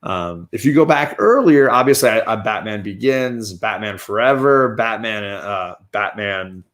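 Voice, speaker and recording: A man's voice: lowish voice, animated, a little slow, a bit bright. A man hosting a casual review show, talking through his opinions on films in a chatty, opinionated way with frequent restarts. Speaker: comic and movie reviewer, show host.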